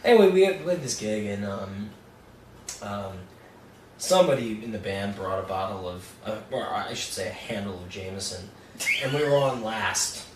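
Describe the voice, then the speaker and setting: A man's voice: on the low side, animated, moderate pace. A young man telling a rambling, profane story about a gig in a casual chat. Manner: rambling, swearing, laughing storyteller. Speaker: guest songwriter. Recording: roomy, distant mic with faint noise.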